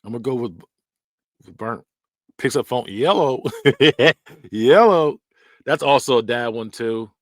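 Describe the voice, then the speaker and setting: Podcast host, male, mid-pitched, jokey reactions with frequent laughter, dry close sound. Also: normal speed, pauses often, no echo. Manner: laughs often, animated and joking. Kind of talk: casual reaction commentary.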